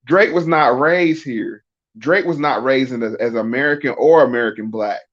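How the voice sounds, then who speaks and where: In dull lo-fi audio, a middle-aged man chats casually as a podcast guest. His voice is medium-pitched and fairly bright, his pace moderate, and he explains emphatically, frequently asking rhetorical questions.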